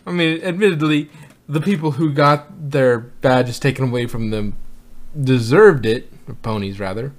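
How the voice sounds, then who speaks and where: A man's voice: medium pitch, normal speed. Male host, casual review chat, rambling delivery with frequent chuckles, mid-range voice. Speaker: podcast host.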